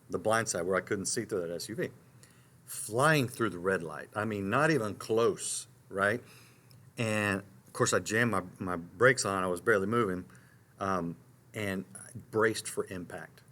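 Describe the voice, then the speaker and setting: Middle-aged male talk host, tells stories animatedly, slightly low voice. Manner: animated storyteller, frequent restarts and asides. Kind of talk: storytelling on a live talk show.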